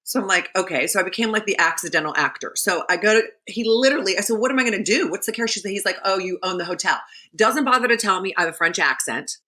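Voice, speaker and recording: Animated, chatty woman with a bright voice. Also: mid-range voice, fast. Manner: animated storyteller, lively and chatty. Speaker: podcast guest. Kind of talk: casual chat.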